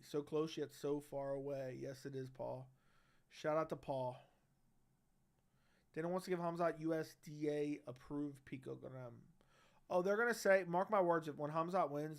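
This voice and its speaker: A brash young man hosting a casual livestream, reading chat and bantering loosely with slang and swearing into a studio mic. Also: fairly high pitch. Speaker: livestream host. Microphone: studio dynamic mic.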